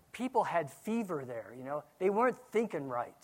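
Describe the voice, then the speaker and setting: A man, a pastor, preaching a sermon, swinging from quiet asides to loud outbursts. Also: on the high side, very animated, moderate pace.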